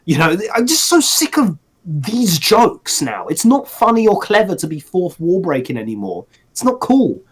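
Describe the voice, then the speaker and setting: A man's voice: high voice, sing-song, normal speed, slightly rough. A man co-hosting a casual podcast chat, ranting sarcastically with restarts and laughs. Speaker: podcast co-host.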